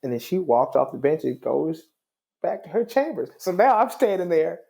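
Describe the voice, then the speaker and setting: Gravelly-voiced middle-aged man telling a story. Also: a little high, moderate pace. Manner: calm, wry and conversational. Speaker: judge. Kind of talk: storytelling in an interview.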